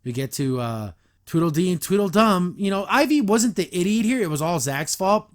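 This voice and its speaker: A podcast host reviews a cartoon episode, rambling and animated as he retells it and performs the characters. His voice sits high and his pace is brisk.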